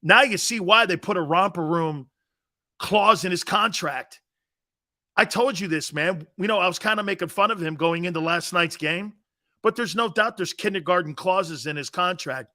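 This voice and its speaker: Brash, high-pitched sports talk host. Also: male voice, normal speed. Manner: brash, mocking, animated rants.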